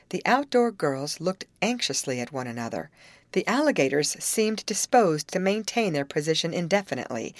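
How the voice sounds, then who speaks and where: Expressive woman reading a storybook. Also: fairly low pitch, dry recording. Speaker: audiobook reader. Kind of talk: scripted narration.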